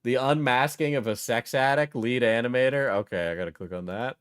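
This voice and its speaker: A man's voice: mid-range voice, a little fast, smooth, no echo, studio quality. A young man from New England giving casual reaction commentary as a streamer, blunt and rambling, swearing often.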